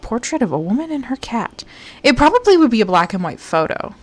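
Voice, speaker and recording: A woman's voice: fairly high pitch, very animated, brisk, soft background music. A woman streamer chatting playfully to herself as she plays a game live, with the odd jokey mock-British phrase. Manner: chatty, playful, talks to herself while searching.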